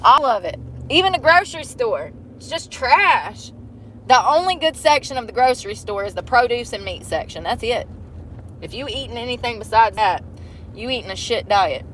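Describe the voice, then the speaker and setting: A woman's voice: a little high, expressive, moderate pace, a bit bright, a little hiss or hum. A young woman vlogging from inside a car, rambling and complaining in a blunt, heavily profane way. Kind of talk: casual rambling monologue.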